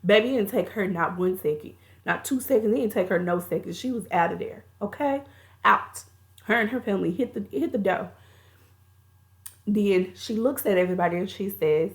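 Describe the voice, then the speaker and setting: A woman's voice: medium pitch, brisk. A woman reviewing a movie, recapping the plot in a chatty, colloquial storytelling way.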